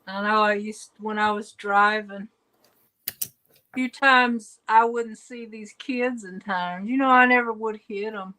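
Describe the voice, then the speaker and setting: A woman's voice: mid-range voice, fairly even intonation, a little slow, pushed and bright. A woman guest in a casual live chat who tells anecdotes with dry, joking humor.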